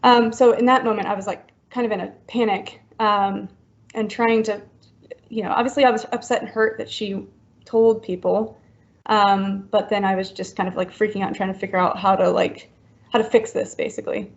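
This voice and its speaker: A woman in her thirties, a podcast guest from Florida, telling a personal story in a halting way full of likes and ums. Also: mid-range voice, steady tone. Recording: dull lo-fi recording.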